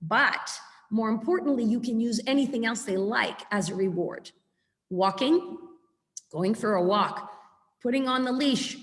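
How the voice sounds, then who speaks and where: A woman giving a chatty, animated webinar lecture as a dog trainer over a video call. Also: medium pitch, a little slow, in a large hall.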